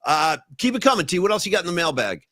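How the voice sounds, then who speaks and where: A man co-hosting a podcast in casual sports chat, animated and joking, breaking into bits of song. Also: high-pitched, fast talker, dry recording, studio quality. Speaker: podcast co-host.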